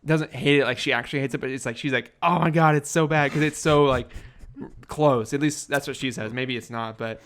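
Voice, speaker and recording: A man's voice: medium pitch, fairly even intonation, a little fast, fairly bright tone. A young man co-hosting a casual podcast in a basement, joking around and slipping into silly accents. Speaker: podcast co-host. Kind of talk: casual chat.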